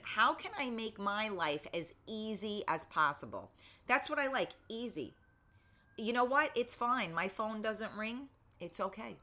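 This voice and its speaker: Blunt, bright-voiced woman host. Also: mid-range voice. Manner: blunt, swears freely, frequent throat clearing. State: losing her voice. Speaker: show host. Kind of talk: casual talk show chat.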